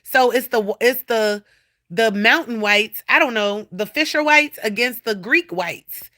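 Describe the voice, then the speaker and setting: A woman hosting a casual livestream from home, animated, blunt and profane as she talks straight to her viewers. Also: on the high side, unhurried. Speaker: livestream host. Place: at home indoors.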